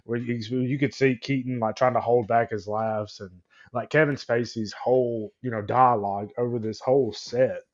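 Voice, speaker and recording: A man's voice: medium pitch, steady tone, moderate pace, highs cut off. A man co-hosting a movie podcast in easygoing casual chat, trailing off into fillers. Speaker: podcast co-host.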